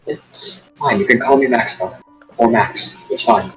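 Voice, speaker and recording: A man playing a tabletop game on a voice call, relaxed and reassuring toward the other players. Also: medium pitch, a little slow, faint music behind, poor audio. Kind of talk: casual game chat.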